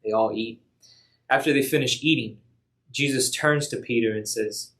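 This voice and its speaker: A man telling a Bible story for a youth ministry in a relaxed, slangy way. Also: medium pitch, normal speed. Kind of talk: casual Bible story retelling.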